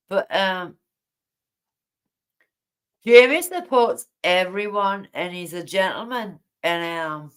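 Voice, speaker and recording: A woman on the low side speaks slowly, pausing often, with lively intonation and a clear, resonant tone. She's hosting a late-night home livestream, rambling indignantly and greeting viewers by name.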